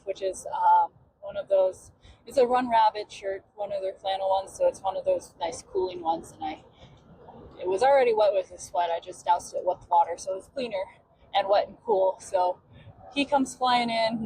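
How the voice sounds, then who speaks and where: A woman hosting a podcast who tells a story in a loose, chatty way with many "um" fillers. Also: medium pitch. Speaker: podcast host. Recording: clear background noise.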